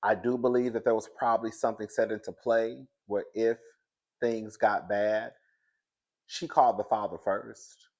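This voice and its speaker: A man hosts a casual pop-culture commentary show, reacting to the news in an animated, dramatic way. His voice sits somewhat low. He laughs often and keeps calling everyone "girl". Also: moderate pace.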